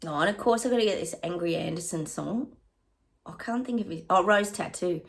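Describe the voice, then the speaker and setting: Gravelly Australian woman giving a psychic reading. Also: lowish voice. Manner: chatty, keeps pausing to say hang on; laughs often and hums snatches of songs. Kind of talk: psychic reading addressed to viewers.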